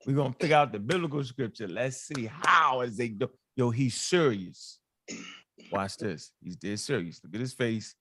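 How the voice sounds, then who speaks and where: A man's voice: medium pitch, lively intonation, normal speed, pushed and bright, dry recording, studio quality. A man hosting a casual reaction show, laughing and incredulous, talking in loose slang. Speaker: host reacting to a clip.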